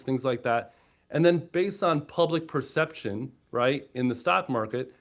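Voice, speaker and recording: Guy on a podcast telling the story of his idea, lively, keeps saying right?, mid voice. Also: medium pitch. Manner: energetic storyteller, quotes himself and wife, lots of "right?". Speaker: guest, platform co-founder. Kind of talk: podcast interview.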